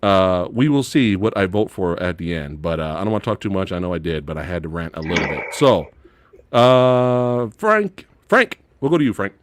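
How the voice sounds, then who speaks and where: Man, casual movie review chat, animated ranting, lively pitch, dry close sound. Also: normal speed, dry recording. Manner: animated ranting, mocking impressions. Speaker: podcast co-host.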